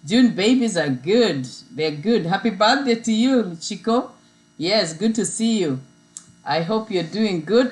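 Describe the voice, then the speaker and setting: A woman's voice: mid-range voice, expressive, unhurried, low-quality recording. A woman hosting a casual livestream, chatting with viewers and often repeating herself. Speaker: livestream host. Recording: mains hum in background.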